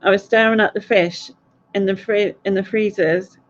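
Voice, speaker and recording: A woman's voice: mid-range voice, steady tone, normal speed, lo-fi sound, slight background noise. A woman hosting a quiz stream, chatting in a rambling way and laughing often. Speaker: quiz host. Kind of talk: casual live stream chat.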